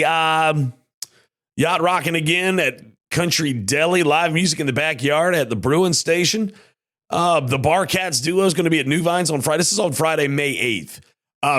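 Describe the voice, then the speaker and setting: A man's voice: fairly high pitch, fairly bright tone. Folksy man with a strained voice. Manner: easygoing, rambling, folksy. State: worn, strained voice. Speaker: podcast host. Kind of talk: casual podcast talk.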